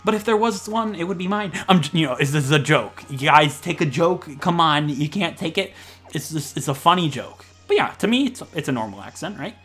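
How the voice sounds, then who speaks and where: Fast-talking man with a lively voice. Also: on the high side, husky, soft background music. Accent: American Midwest. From Ohio, USA. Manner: fast-talking, rambling, jokey. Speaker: let's play commentator. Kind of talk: casual gameplay commentary.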